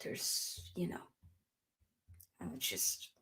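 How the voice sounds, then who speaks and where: A young woman hosts a live football match reaction for a football channel, speaking extremely slowly in a bright, forceful voice. She rants emphatically and answers her own rhetorical questions.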